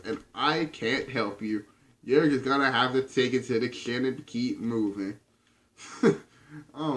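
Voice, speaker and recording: A man telling a storytime tale in a casual, animated way, filling pauses with "man.". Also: medium pitch. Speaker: vlogger. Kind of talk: storytime vlog.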